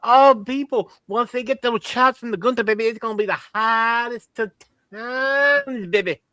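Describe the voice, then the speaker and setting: With a very high-pitched, sharp voice and no room sound, a man swaggers through a podcast impression of an old Southern wrestler at a moderate pace. The bit is comedic: a fake Texan drawl, boastful rambling, and "baby" for everyone.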